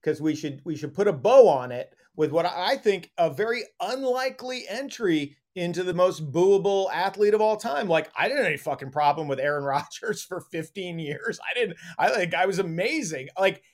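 A man co-hosting a sports and gambling podcast, talking in fast, profane, laughing riffs. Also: high-pitched, animated. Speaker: podcast co-host. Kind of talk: casual sports chat.

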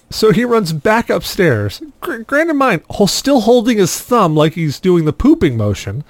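A man telling a story on a casual podcast, his voice rising and falling widely as he acts out the people in it. The sound is dry and close, with no room echo, and his voice sits a little high for a man. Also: normal speed, few pauses. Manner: animated storyteller, acts out quotes loudly. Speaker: podcast host.

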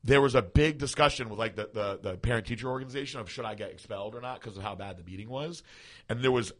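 A man's voice: mid-range voice, fast talker, a bit bright. A man in his forties telling stories in a casual podcast chat, laughing often. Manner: laid-back storyteller who laughs often.

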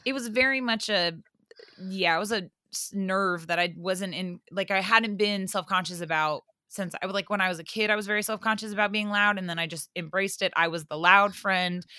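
A young woman hosting a podcast, telling a story in casual chat, animated, full of fillers and swearing. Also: medium pitch, no room sound, clean studio sound. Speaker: podcast host.

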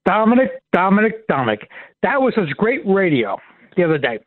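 Excited male caller on a phone line. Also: high-pitched, a little fast, no echo. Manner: excited, gushing, laughs easily.

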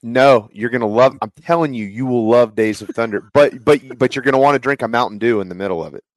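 A man's voice: mid-range voice, fast talker, no echo. A man hosting a casual sports talk show, easygoing and laughing, leading into breaks. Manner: easygoing, laughs, runs the segments. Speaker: radio show host.

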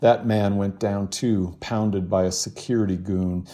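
A man, a novelist, reading from his novel in a steady, measured voice and then chatting in an interview. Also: fairly low pitch. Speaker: novelist guest.

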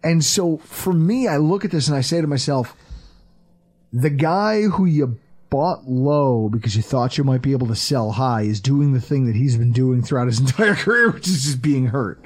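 A man hosting a sports podcast, chatting casually, animated and profane, acting out quotes as he goes. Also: medium pitch, moderate pace. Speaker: podcast host.

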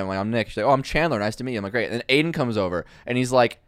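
Animated young man telling a story. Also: mid-range voice, rapid-fire, hardly any pauses, smooth, no echo, studio quality. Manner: animated storyteller who acts out quoted voices. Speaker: podcast co-host. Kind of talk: casual chat.

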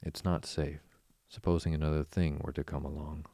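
A man voicing a gentle, anxious male mole who worries aloud in a storybook reading. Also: rumbling low, little pitch movement, normal speed, creaky, no room sound, studio quality.

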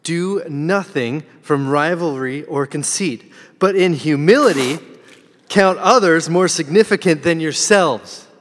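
A man reading a scripture verse aloud in church, measured and deliberate. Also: on the high side. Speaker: scripture reader. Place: church sanctuary. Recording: distant voice with hall reverb.

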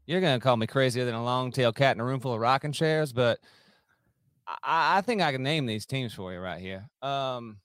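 A man's voice: mid-range voice, lively intonation, a little fast, fairly bright tone, smooth, no room sound, studio quality, pitched below the performer's own voice, close to an everyday voice. A man playing a folksy coach with a put-on Southern drawl and homespun sayings. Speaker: podcast co-host.

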